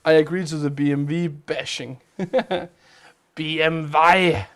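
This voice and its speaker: A man's voice: on the high side, fairly even intonation, takes it slowly, a bit bright. A man hosting a game live stream, chatting casually as he plays, with a chatty, rambling manner. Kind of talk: casual live-stream chat while playing games.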